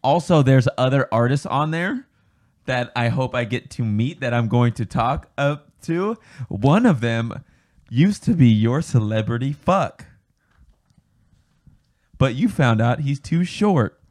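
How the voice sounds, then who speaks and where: A young man co-hosting a casual podcast chat, joking and swearing, getting excitable. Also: mid-range voice, measured pace. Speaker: podcast co-host.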